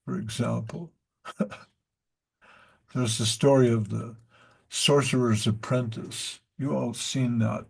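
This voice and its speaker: In a gravelly, husky mid-range voice with a darkish tone, a man tells rambling stories packed with fillers and asides while teaching an unhurried devotional study class on spiritual matters.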